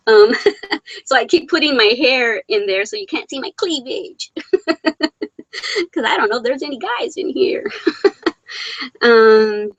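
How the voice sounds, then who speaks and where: A middle-aged woman hosts a live Q&A stream, reading viewer comments into her laptop microphone and giggling between sentences while fighting back tears. Her fairly high, expressive voice is a little slow with frequent pauses. The audio is dull, muffled, dry, and close, with no echo.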